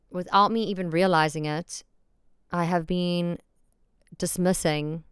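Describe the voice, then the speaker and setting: A woman hosts a solo podcast, speaking candidly and emphatically, repeating herself often and swearing freely in a frank, self-deprecating way. Her voice is lowish with a fairly bright, clean tone. The recording is studio quality with no room sound.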